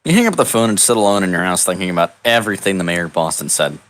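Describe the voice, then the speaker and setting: A man narrating an improvised comedic text adventure in a deadpan, mock-epic storybook manner over a voice call. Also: low voice, racing. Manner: deadpan, absurd storybook delivery. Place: online voice call.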